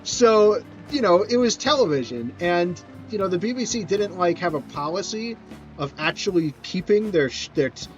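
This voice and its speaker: A man's voice: high-pitched, animated, normal speed, lo-fi sound, faint music behind. A man streaming a video game, chatting casually and rambling through answers to viewers' questions, often restarting his sentences. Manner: rambling, self-correcting, answers chat questions.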